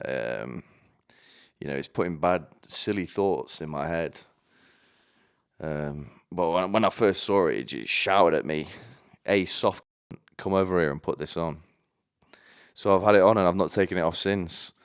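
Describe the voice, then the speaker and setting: A man delivering a rambling comedic monologue in a deadpan way, often stumbling and restarting his sentences. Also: sits low, moderate pace, smooth. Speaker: comedy vlogger.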